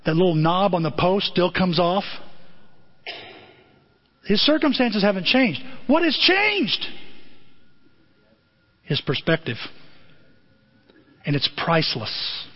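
A man's voice: high voice, very animated, slow, pauses often, in a large hall. A male pastor preaching a sermon in a church, telling a story with vivid acted scenes and rhetorical questions. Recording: dull lo-fi sermon recording.

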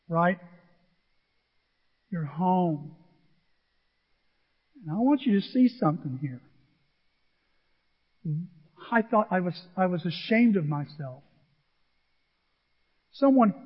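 A man in his sixties preaching a sermon, telling a personal story in an animated, emotional way. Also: high-pitched. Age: 60s. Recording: echoey hall, dull lo-fi sound.

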